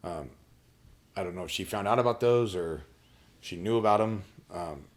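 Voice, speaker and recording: A man with a very low, deep voice tells a personal story on a podcast. He talks bluntly and swears freely. He often stops and restarts his sentences. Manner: blunt, profane, halting with restarts. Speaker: podcast guest.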